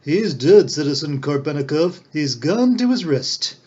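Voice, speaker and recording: Casting: a man doing a brash young con man, high and animated, lo-fi sound. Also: moderate pace, breathy edge. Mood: smooth, cheeky. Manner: lively, bold and cheeky. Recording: dull lo-fi recording.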